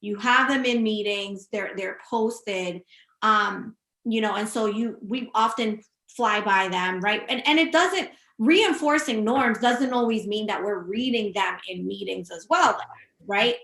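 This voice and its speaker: Woman host, bright, emphatic, echoey room. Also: mid-range voice, unhurried. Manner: emphatic, summarizing and prompting the guest. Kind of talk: casual leadership chat. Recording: roomy echo.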